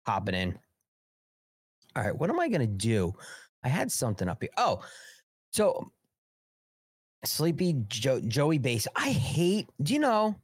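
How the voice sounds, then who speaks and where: A man's voice: mid-range voice, no echo, clean studio sound. A man hosting a casual live political show, rambling and sarcastic with frequent swearing. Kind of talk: casual live-stream commentary.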